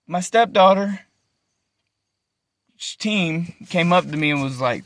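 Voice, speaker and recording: A man's voice: a little high, moderate pace, fairly bright tone, no echo. A young man, ranting to his phone camera in an agitated, profane way and repeating himself. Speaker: vlogger. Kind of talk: emotional rant to camera.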